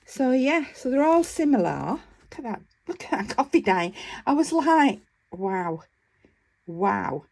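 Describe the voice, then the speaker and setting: A woman's voice: high voice, sing-song, normal speed, vocal fry, a little mellow. A woman vlogger chatting casually about her craft work, enthusiastic and rambling, with frequent fillers. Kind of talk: casual show-and-tell chat.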